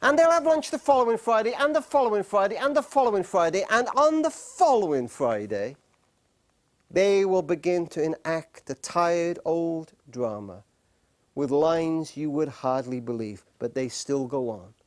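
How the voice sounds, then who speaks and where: Lively dramatic male speaker. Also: on the high side. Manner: dramatic storyteller, drops to near-whispers for emphasis; repeats key phrases slowly. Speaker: speaker on marriage. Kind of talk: talk to a live studio audience. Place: studio with audience.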